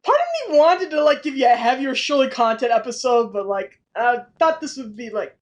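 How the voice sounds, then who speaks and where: A woman hosting a casual podcast, talking quickly and laughing often as she piles on background trivia. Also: sits high. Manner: animated, laughs often, info-heavy. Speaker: podcast host.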